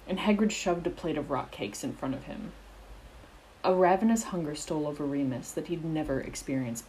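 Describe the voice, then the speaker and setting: Woman narrator, fan fiction read-aloud, low pitch, soft faint hiss behind. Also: poor audio. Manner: steady, expressive storytelling.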